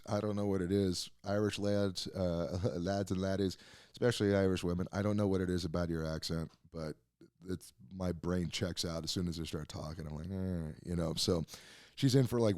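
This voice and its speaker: A man's voice: sits low, darkish tone, dry recording. A man hosting a podcast, giving a casual, rambling film review with lots of fillers and restarts and the odd curse, close on a mic. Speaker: podcast host. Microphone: close desk mic.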